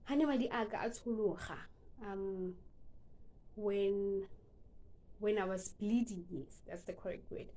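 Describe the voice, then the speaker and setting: A woman's voice: medium pitch, measured pace, long pauses, dark tone. A young woman from South Africa with a South African accent, telling a personal story in an earnest, emotional vlog style and slipping into casual asides. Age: young adult. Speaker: vlogger.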